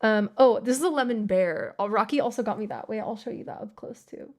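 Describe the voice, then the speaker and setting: A woman's voice: medium pitch, expressive, a little fast. Bubbly young woman podcast host. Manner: bubbly, gushing, heavy use of "like". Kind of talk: casual chat.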